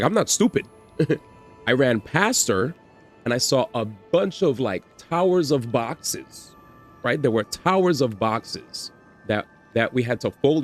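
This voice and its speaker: A man hosting a livestream, telling a story in an animated, slangy way with swearing and repetition. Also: mid-range voice. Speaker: livestream host. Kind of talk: casual storytelling on stream.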